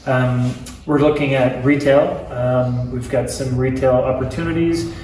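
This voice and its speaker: A man's voice: mid-range voice, steady tone, measured pace, darkish tone, very echoey, far from the mic, slight background noise, rough recording. A man talking casually as an author in an interview, chatty and joking, with many fillers and restarts.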